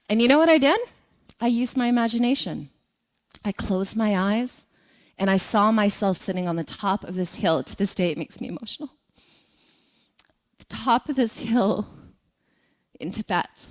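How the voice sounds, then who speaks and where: A woman giving a spiritual talk to a congregation, telling lively personal stories and asking the audience questions. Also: mid-range voice, normal speed, long pauses. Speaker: guest speaker.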